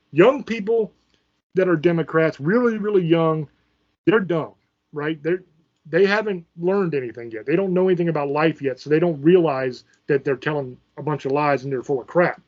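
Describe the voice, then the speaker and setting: Combative man ranting on his channel, cursing freely, slightly high voice, muffled lo-fi sound. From Virginia, USA. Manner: angry, profane, combative. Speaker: channel host. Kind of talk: ranting political commentary.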